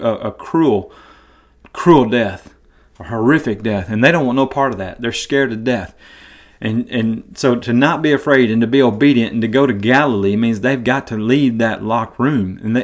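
A man giving a casual Bible teaching, talking in a conversational way, repeating words and retelling scenes with feeling. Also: medium pitch.

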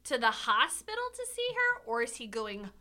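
Bright, lively-voiced woman co-host. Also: a little high, moderate pace, over a noisy crowd. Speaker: podcast co-host. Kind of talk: casual chat.

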